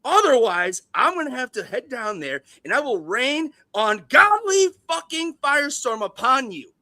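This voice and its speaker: A man putting on a foul-mouthed male studio boss who screams threats down a phone in a loud rant. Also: very high voice, very animated, normal speed, dry recording, pitched above the performer's own voice, full character voice. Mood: threatening, ranting.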